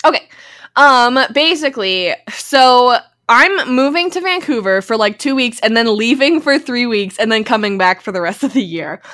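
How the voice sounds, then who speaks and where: A young woman co-hosting a podcast in easygoing chat, often chiming in with agreement. Her voice is bright and a bit sharp, pitched somewhat high. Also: lively intonation, moderate pace. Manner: easygoing, with frequent affirmations. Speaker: podcast co-host. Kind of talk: casual chat.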